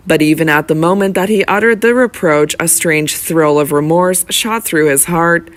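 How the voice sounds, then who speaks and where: An audiobook narrator with a mid-range voice reads a classic novel in a measured, even storytelling manner.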